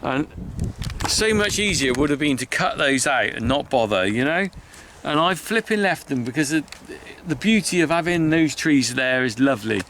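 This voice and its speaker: A man's voice: fairly high pitch, lively intonation, moderate pace, fairly bright tone, a little hiss or hum. A middle-aged man, a farmer vlogging outdoors by his hedgerows, talking in a chatty, heartfelt, rambling way with sighs. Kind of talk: casual walk-and-talk vlog.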